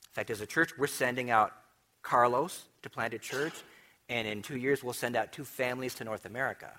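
A man preaching a sermon as pastor of his church, teaching with lively swings between loud emphasis and quiet asides. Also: medium pitch, fairly quick. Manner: animated teaching with wide swings in loudness.

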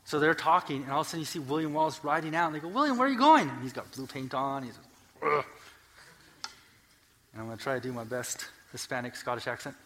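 A man preaching a sermon in a church, swinging between soft, earnest explanation and loud, emphatic peaks as he reads scripture, with joking asides. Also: mid-range voice, flat delivery, rapid-fire, few pauses, slight background noise. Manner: builds scripture lists to loud, emphatic climaxes. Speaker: pastor. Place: church sanctuary.

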